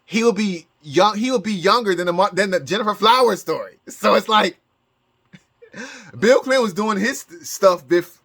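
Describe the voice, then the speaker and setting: A man's voice: sits high, animated, moderate pace, fairly bright tone. A man talking in a casual vlog as a psychic, rambling with many restarts and bursts of laughter. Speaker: psychic YouTuber.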